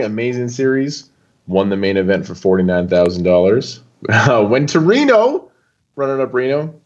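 A young man talking as a guest on an interview show, loose and animated, full of casual fillers. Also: fairly low pitch, lo-fi sound. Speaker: poker player guest.

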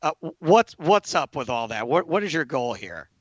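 A man's voice: fairly high pitch, big pitch swings, moderate pace, no room sound, dull audio. A man hosting a casual interview, chatting and asking wry questions. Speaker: podcast host.

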